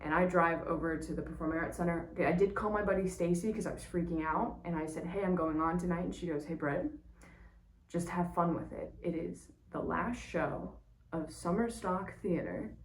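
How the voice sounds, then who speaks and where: A woman who works in stage management, telling a casual personal story in a lively way, with small laughs and quick restarts. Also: on the low side. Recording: roomy echo, distant from mic.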